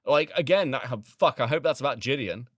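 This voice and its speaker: A man's voice: mid-range voice, lively intonation, brisk, no echo, studio quality. A man hosting a drama channel stream, reacting to comments in a heated, profane rant.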